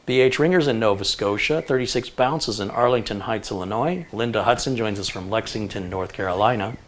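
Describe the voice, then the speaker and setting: A middle-aged man hosts a tech livestream in an easy, chatty way. He reads through names and places and keeps breaking off for quick jokes. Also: fairly low pitch. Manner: chatty, jokey asides while reading a list. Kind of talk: casual livestream chat, reading viewer locations.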